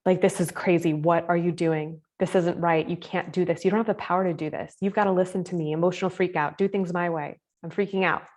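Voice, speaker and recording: A woman putting on the voice of her own panicky inner part, the piece of her that wants to freak out. It rattles off demands in a hurried, pushy rush, set a little lower than her usual pitch. It comes through a video call. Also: steady tone, darkish tone, natural voice. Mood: frantic. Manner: rushed, insistent, frantic.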